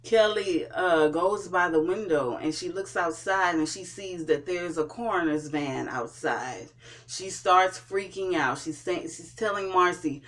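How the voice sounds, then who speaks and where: A vlogger recapping and reviewing a TV episode in a casual way, pausing often and restarting sentences. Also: medium pitch, fairly bright tone. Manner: hesitant, with frequent fillers and restarts. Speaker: TV show reviewer.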